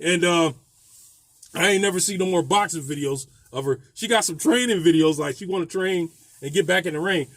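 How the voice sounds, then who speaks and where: A man's voice: high voice, brisk, no room sound. A man, a landlord, telling a rambling, profane story about a tenant in a casual vlog, laughing often.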